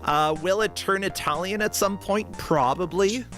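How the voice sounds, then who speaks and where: A man's voice: sits high, normal speed, fairly bright tone, soft background music. A man commentating a game stream in casual, self-deprecating banter. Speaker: tournament commentator.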